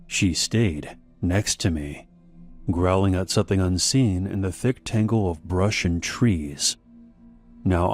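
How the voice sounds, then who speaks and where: A man narrating a scripted horror story in a measured, deliberate way. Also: deep voice.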